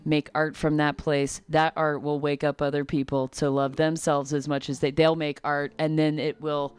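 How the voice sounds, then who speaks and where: A woman from California's Kern River Valley, a comedian guest talking in a rambling, animated way and often breaking into laughs. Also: low voice, moderate pace, clean tone, no room sound. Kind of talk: casual podcast chat.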